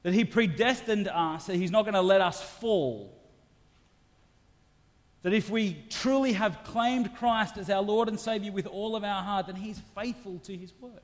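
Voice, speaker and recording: A man preaches with earnest, personal conviction, sliding from hushed admissions to loud, ringing declarations. His voice sits a little high for a man. The sound carries the long reverb of a large hall. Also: measured pace. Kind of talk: sermon.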